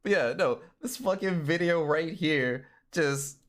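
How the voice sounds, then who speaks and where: A man's voice: fairly high pitch, unhurried, fairly bright tone. A man chatting casually on a livestream, swearing freely and often breaking into laughs. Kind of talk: casual stream chat.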